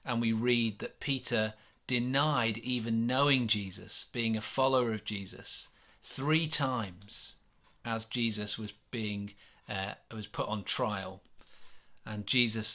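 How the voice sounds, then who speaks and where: A man with an English accent giving a gentle, earnest sermon reflection, with many pauses and restarts. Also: medium pitch. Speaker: church minister.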